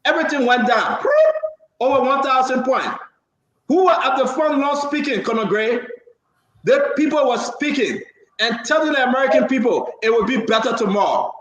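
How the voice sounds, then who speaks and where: This political talk show host has a very high, fairly bright voice at normal speed, with a roomy sound. Fiery and impassioned, he cuts in on others and hammers points home through repetition.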